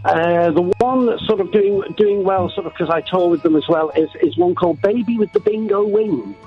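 A man's voice: high-pitched, moderate pace, soft background music. A man calling in to a radio show, chatting in a dry, mock-glum way. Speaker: caller. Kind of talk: phone-in chat. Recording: tinny phone line.

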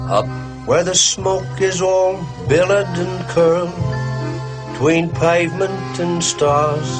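An actor playing a cheery male Cockney chimney sweep, half singing and half speaking in a sing-song musical number. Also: fairly high pitch. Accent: attempted Cockney. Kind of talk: sung and spoken musical film number. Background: orchestral film music.

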